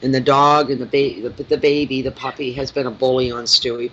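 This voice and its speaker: A man's voice: medium pitch, fast, few pauses, fairly bright tone. A man who reads tarot, chatting casually on a live stream, rambling and talking fondly to his cat. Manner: rambling, fond baby talk to his cat. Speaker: tarot reader. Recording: dull lo-fi sound with faint noise.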